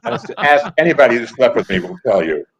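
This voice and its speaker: A man's voice: medium pitch, big pitch swings. Older male guest, wry raconteur, dull lo-fi sound, casual interview storytelling. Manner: anecdotal, wry, quick asides with laughs. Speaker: guest, comedy writer and actor. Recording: dull lo-fi audio.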